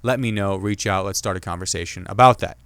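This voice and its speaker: A man rambles through the news on his own comedy show, joking as he goes and sometimes putting on other people's voices. His voice sits a little low and comes across smooth and clean. The sound is dry and close, with no room around it. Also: fairly bright tone, dry recording. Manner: chatty, jokey, mimics others in quick asides. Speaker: podcast host and comedian. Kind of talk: casual solo commentary.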